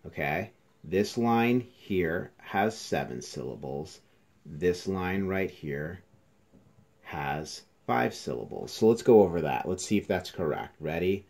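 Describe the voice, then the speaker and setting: Low-voiced male teacher counting syllables. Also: lively intonation, darkish tone. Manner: slow, counts syllables aloud, talks to students. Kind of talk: classroom lesson video. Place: indoors, near a passing train.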